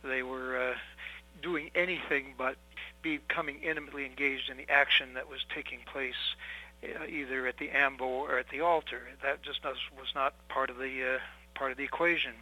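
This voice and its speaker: A man in his seventies, a priest, answering interview questions in a measured, thoughtful way with many pauses and fillers. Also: medium pitch, fairly even intonation, bright, forceful tone, low-quality recording. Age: 70s.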